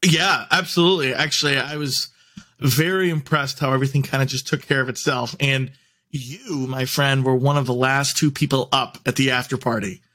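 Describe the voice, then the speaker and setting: A young man chatting on a podcast in a plain mid-range voice. He talks loosely and warmly with family, peppering his sentences with "like" and small restarts as he tells a story. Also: medium pitch, steady tone, moderate pace. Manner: chatty, heavy use of "like" and restarts. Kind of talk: casual chat.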